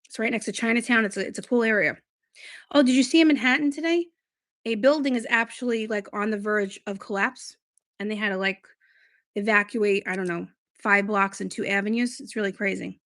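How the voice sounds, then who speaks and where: A woman chats casually on a beauty livestream and reads out viewer comments as she goes. She rambles in a relaxed way. Her mid-range voice has a gravelly, fried edge. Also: mid-range voice, brisk, no room sound, clean studio sound. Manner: chatty and rambling. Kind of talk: casual live-stream chat, reading viewer comments.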